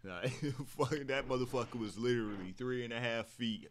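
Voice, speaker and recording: A man's voice: mid-range voice, normal speed, slight background noise. A young man chatting casually as a co-host, telling loose stories with plenty of swearing and laughter. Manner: laid-back storyteller, heavy swearing, laughs often. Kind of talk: casual chat.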